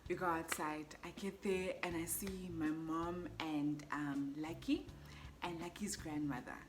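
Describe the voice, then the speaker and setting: A young woman with a South African accent tells a personal story in a vlog, in a lively, exclaiming way with frequent laughs. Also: low voice, measured pace, noisy background. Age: young adult. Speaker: vlogger.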